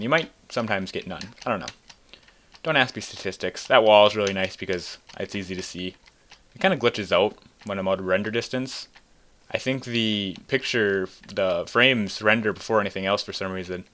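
A man's voice: lowish voice, a bit bright. A young man giving casual gameplay commentary as host, rambling and correcting himself with little chuckles. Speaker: gaming channel host.

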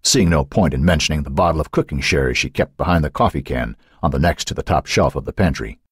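A male narrator reads a suspense novel in a very deep, husky voice. His pitch moves widely and expressively. The sound is dry and close, with no room around it. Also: animated, quick pace, dry recording. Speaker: audiobook narrator. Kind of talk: scripted audiobook narration.

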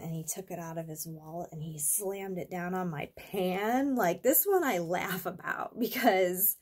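A woman's voice: on the low side, normal speed, hardly any pauses, a little mellow, breathy edge. A young adult woman vlogger telling a rambling, profane, exasperated story in a casual storytime vlog.

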